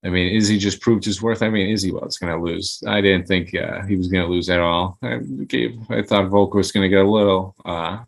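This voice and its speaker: A man's voice: low-pitched, gravelly, fairly bright tone. A man co-hosting a casual sports talk show, talking in a laid-back, rambling way and teasing his co-host.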